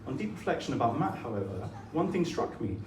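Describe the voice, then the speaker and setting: Dry-witted best man, lively pitch. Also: brisk. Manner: dry, mock-grand humour. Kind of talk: wedding speech. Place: wedding reception hall. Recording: echoey room, mic from far off, audible noise.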